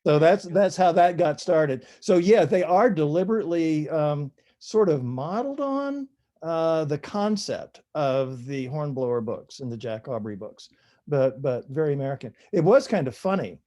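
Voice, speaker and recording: Older man with a mellow voice. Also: on the high side, animated, normal speed. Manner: chatty, self-deprecating, laughs at own stories. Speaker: author guest. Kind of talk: relaxed storytelling interview.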